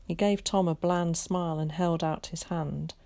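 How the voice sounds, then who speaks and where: A teacher reading a children's novel aloud, calm and measured. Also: female voice, fairly low pitch, creaky. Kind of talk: storybook read-aloud.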